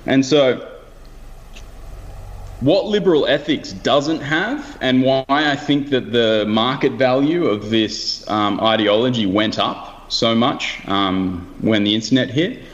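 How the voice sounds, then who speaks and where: A man's voice: medium pitch, slow pace, muffled recording. A man in a casual conversation, talking loosely and thinking aloud with asides and restarts.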